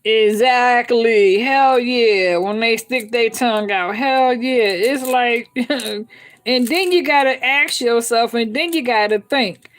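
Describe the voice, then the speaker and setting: A woman's voice: a little high, slow. A woman hosting a live stream, talking bluntly and with heavy swearing, laughing often and reading out viewer comments. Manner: blunt, profane, laughs often, keeps checking in with listeners. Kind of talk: candid unscripted live-stream chat.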